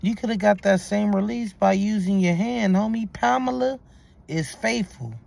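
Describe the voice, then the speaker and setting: A man's voice: sits high, moderate pace, gravelly, a little mellow. A man hosting a reaction video, talking in incredulous, profane street slang. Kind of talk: reaction commentary.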